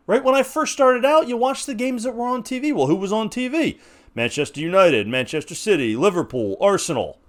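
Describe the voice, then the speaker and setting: A man's voice: sits high, very animated, brisk. An American man in his forties, hosting a podcast and making an impassioned, rhetorical argument with frequent restarts. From United States. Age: 40s. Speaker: podcast host. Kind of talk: opinionated monologue.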